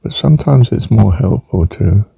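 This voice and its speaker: A man's voice: fairly low pitch, lively intonation, normal speed, vocal fry, mellow, slightly rough, no room sound, dull audio. An older man giving an informal spelling lesson, rambling and musing aloud, drawing out words as he says them and adding chuckling asides. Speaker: teacher.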